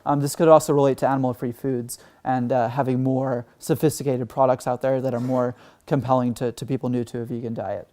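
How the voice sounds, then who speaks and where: A man's voice: mid-range voice, level tone, fairly quick, dark tone. A man from Texas giving an earnest conference talk, full of "um" and "like" fillers. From Texas, United States. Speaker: conference speaker.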